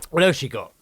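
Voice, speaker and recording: A man's voice: a little high, slight background noise. A man co-hosting a podcast in casual chat, tired and laughing often. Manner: animated, laughing, self-mocking. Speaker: podcast co-host.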